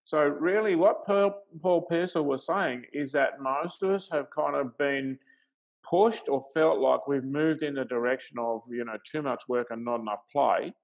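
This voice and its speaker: A man's voice: mid-range voice, normal speed, gravelly, low-quality recording. A middle-aged man hosting a talk show as a life coach, thinking aloud in a conversational way and chuckling easily.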